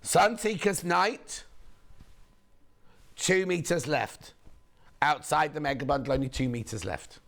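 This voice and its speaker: A hoarse man presenting on a shopping channel, chatting in a gossipy, rambling way between sales points. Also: on the high side, animated, unhurried, long pauses, a bit bright. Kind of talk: casual live sales chat.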